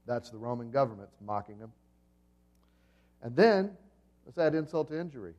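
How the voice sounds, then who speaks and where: A man's voice: mid-range voice, very animated, moderate pace, darkish tone, highs cut off. Man preaching with dramatic storytelling. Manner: dramatic storytelling with swings in volume; asks the congregation questions. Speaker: pastor. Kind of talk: sermon.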